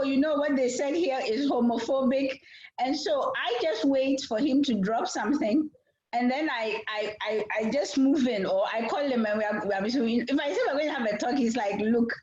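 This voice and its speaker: A woman facilitating a casual panel chat, frank and lively, acting out quotes as she tells stories. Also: sits high. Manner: frank, lively storyteller who acts out quotes. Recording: roomy, dull lo-fi sound.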